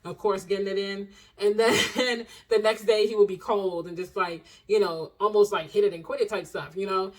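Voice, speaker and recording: A young adult woman in a casual storytime chat to camera at home, chatty and animated, acting out quotes in different voices. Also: mid-range voice, normal speed, hardly any pauses. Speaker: vlogger. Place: home, indoors.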